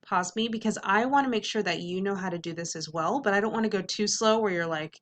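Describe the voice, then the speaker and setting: A woman's voice: medium pitch, quick pace, few pauses, a bit bright. Upbeat woman teacher sounding out syllables. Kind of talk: phonics lesson to students.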